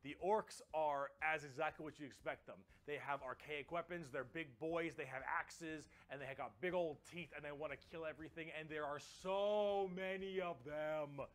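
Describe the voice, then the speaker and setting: Excitable, cursing wargame explainer guy. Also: fairly high pitch, a little fast, few pauses. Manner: animated and profane, repeats words for emphasis.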